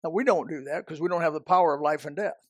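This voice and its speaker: A man's voice: on the high side, fast, no room sound, clean studio sound. A man preaching a sermon as a pastor, emphatic and repetitive, often restarting his sentences.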